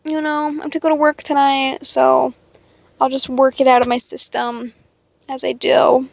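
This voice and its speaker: An eighteen-year-old woman venting to her followers in a profane, sarcastic rant, jumping between loud outbursts and quiet mutters. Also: high voice, little pitch movement, moderate pace, gravelly, no room sound. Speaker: vlogger. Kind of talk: venting to camera.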